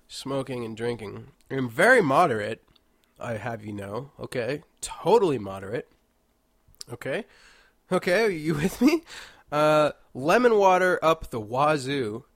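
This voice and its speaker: A man's voice: on the high side, fairly bright tone, dry recording, clean studio sound. A congested man hosting a casual solo monologue, rambling and jokey with mock-indignant asides, indoors at home. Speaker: podcast host.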